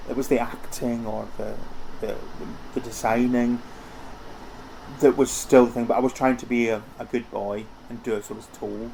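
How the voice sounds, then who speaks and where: A man's voice: mid-range voice, little pitch movement, normal speed, vocal fry, darkish tone. A middle-aged man chats about his past as an interview guest. He rambles easily, restarting his phrases and filling gaps. A faint hiss sits under the recording. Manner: chatty, rambling, with many restarts and fillers. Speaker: interview guest, costume house owner. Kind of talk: casual conversational interview.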